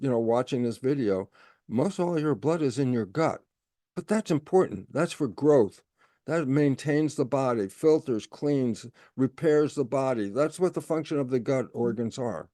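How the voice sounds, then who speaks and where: A man's voice: a little high, dark tone, no room sound. Older man lecturing in a dry room. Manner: lecturing, acts out questions and answers with himself. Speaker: podcast guest. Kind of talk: explanatory talk.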